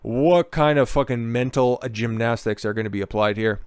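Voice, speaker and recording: A man ranting through political commentary, swearing and mocking as he reads out the news. His voice is smooth and resonant, with a middling pitch. The sound is dry and close, with no room around it. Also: moderate pace, darkish tone, dry recording. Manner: profane, sarcastic, heated.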